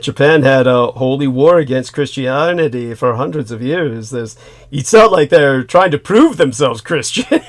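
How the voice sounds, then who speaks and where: A man in a casual conversation who laughs often while he speaks. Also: a little high. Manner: laughs often, slow and lively.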